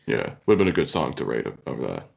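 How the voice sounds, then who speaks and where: Deep gravelly man, lively delivery. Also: fast talker, lo-fi sound. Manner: wry, cursing, reads facts aloud. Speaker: podcast co-host. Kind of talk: casual chat.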